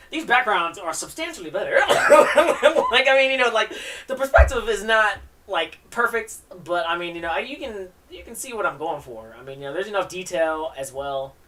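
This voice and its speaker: A woman's voice: medium pitch, animated, fairly quick, pushed and bright, recorded from a distance. A woman hosting a live stream, reading comics aloud in a rambling, enthusiastic way and laughing often.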